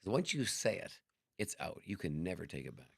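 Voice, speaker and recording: Middle-aged male guest, gravelly and raspy, quick animated storyteller, dry close sound. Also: sits low, no room sound. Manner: animated, acts out dialogue, swears freely. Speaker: podcast guest. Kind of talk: casual storytelling chat.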